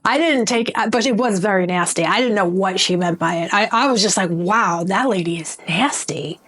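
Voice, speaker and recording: A woman's voice: medium pitch, a little fast, a bit bright. A middle-aged woman vlogger telling a story to camera in a chatty, rambling way, full of fillers and restarts.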